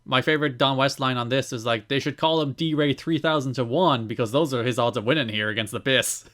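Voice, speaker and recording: Man in his 30s, podcast co-host, bright forceful tone, lively and upbeat, casual chat. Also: medium pitch, fairly quick. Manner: reads show listings in a lively, upbeat way.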